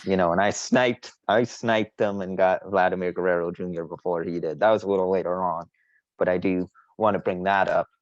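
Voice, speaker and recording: A man's voice: low-pitched, steady tone, brisk, no echo, muffled recording. A man co-hosting a casual sports podcast, boastful and teasing, rambling with frequent restarts. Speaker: podcast co-host.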